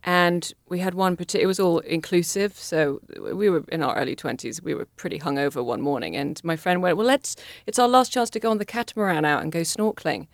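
A woman on a comedy podcast telling an embarrassing travel story in an animated, self-mocking way. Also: fairly low pitch, brisk, few pauses, dry recording, clean studio sound. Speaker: contestant.

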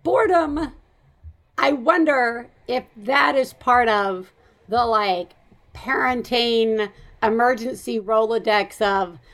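Chatty Southern woman, slow and bright. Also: a little high. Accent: Southern American. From American South. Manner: chatty, animated, laughs often, rambling asides. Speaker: podcast host. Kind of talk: casual chat.

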